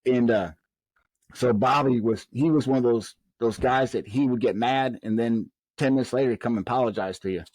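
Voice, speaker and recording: Male podcast guest, middle-pitched, animated storyteller who acts out dialogue, dry close-mic sound. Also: fairly quick, no echo. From Southern United States. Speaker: guest, former prison officer.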